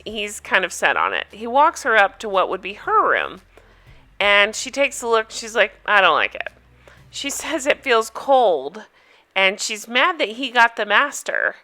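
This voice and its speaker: A woman's voice: a little high, pushed and bright. A woman chatting casually with viewers as she recaps a reality show, amused and talkative.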